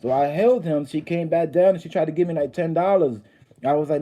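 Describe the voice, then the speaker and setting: Rambling, mellow-voiced man hosting a livestream. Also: on the high side, fast, a little hiss or hum. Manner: rambling storytelling with many restarts and fillers. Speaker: livestream host. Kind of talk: casual livestream chat, reading viewer comments.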